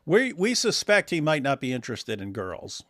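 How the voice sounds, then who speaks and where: A man's voice: fairly high pitch, wildly swooping pitch, normal speed, fairly bright tone, no room sound, clean studio sound. A man hosting a livestream, reading viewer comments aloud and teasing his guest in a wry, casual way. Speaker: host.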